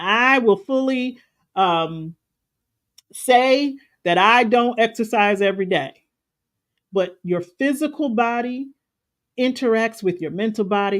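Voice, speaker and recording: A woman spiritual coach giving an earnest, folksy, conversational talk on a live stream. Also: medium pitch. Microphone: live stream setup.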